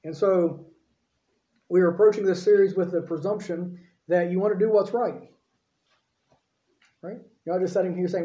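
A man with a fairly high, mellow voice delivers a sermon in a relaxed, conversational way, often checking in with the people listening. He sounds like he is in a church sanctuary, with a roomy echo around him. The recording itself is dull and lo-fi. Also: moderate pace, long pauses. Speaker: pastor. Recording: echoey room, dull lo-fi sound.

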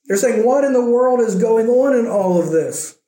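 Guy preaching a chatty sermon, kinda high voice, echoey church room. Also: lively intonation, normal speed, dark tone. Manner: conversational preaching, acting out quoted lines. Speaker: pastor.

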